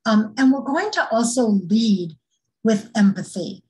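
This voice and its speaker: A woman, a former teacher, leading a parent workshop and explaining calmly and earnestly, with frequent ums. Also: on the high side, unhurried, rough recording. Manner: calm, earnest, explains step by step with many fillers.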